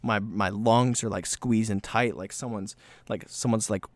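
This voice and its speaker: A man hosting a solo podcast, rambling and self-mocking, slightly breathless, slipping into quick voiced bits. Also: lowish voice, steady tone, dry recording. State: slightly breathless from talking fast. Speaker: podcast host.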